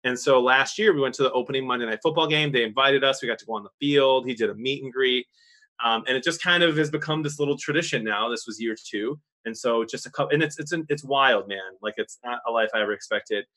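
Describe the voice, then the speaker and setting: A man cohosts a podcast and tells stories with real excitement, laughing along the way. His voice is bright and forward. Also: medium pitch, quick pace. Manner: excited storytelling, laughs often. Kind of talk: casual chat.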